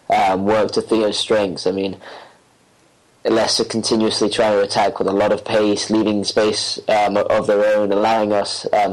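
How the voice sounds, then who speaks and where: A man on a football podcast panel, talking in a measured, analytical way with frequent pauses and fillers. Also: fairly low pitch, low-quality recording. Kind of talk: casual chat.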